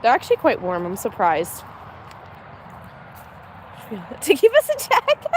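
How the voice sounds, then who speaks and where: A woman's voice: a little high, huge pitch swings, measured pace. A young woman chatting casually on a farm livestream, laughing often and talking to her animals outdoors. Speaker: homestead livestreamer. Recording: faint outdoor noise.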